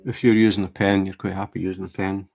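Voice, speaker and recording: A man with a fairly low, gravelly voice chats casually as he works on a craft. He explains tips in a relaxed way, often restarting sentences and filling pauses. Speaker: diamond painting livestreamer. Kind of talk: casual chat while crafting.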